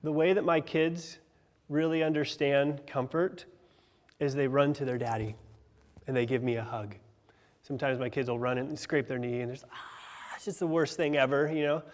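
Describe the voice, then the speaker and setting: A man in his thirties preaching a sermon as pastor, earnest, rising loud on key phrases and dropping soft on others. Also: mid-range voice, fairly even intonation, moderate pace. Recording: long hall reverb.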